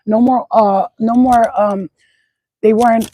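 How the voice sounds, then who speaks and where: A woman's voice: fairly high pitch, fairly even intonation, takes it slowly, dark tone, no room sound, low-quality recording. Rambling, foul-mouthed woman chatting outdoors. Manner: rambling, profane, repeats herself. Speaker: spiritual channel host. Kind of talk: casual livestream chat. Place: outdoors at sunset.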